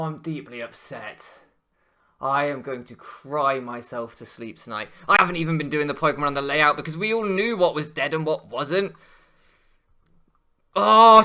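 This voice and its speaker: A man ranting over a Pokémon match, switching between quiet muttering and loud swearing outbursts. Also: on the high side, measured pace, pauses often. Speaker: Pokémon draft league player. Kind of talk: gaming commentary rant.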